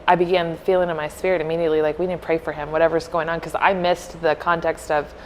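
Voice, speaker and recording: Earnest woman, slightly low voice. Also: little pitch movement, fast, a little hiss or hum, rough recording. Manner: earnest, heartfelt, acts out quotes softly. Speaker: podcast co-host. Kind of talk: casual storytelling chat.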